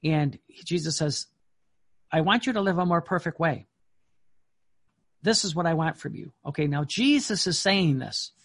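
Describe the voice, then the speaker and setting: Gravelly, husky male preacher. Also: fairly high pitch. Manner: emphatic, swings from slow reading to excited outbursts. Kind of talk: sermon reading and commenting on devotional text.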